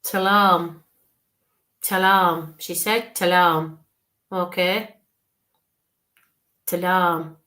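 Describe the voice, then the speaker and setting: A woman in a mid-pitched voice, neither high nor low for a woman, gives a live psychic reading. She talks softly and reassuringly, builds up each image through repetition, and keeps checking in with her listener. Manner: describes visions slowly, checks in with frequent okays. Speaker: spiritual medium.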